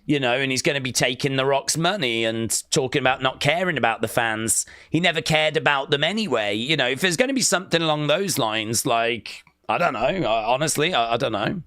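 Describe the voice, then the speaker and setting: A man hosting a live watch-along stream, chatting casually and jokily, reading out chat and breaking into sudden excited shouts. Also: mid-range voice, fairly quick, hardly any pauses, no echo, studio quality. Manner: excitable, jokey, with sudden loud outbursts.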